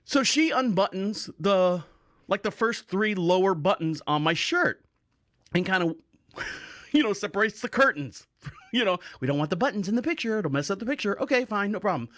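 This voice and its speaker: A man's voice: sits high, animated, normal speed, fairly bright tone, dry recording, studio quality. A middle-aged man hosting a podcast, telling rambling stories in a casual, joking way and often breaking into laughter. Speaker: podcast host. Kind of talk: casual storytelling monologue.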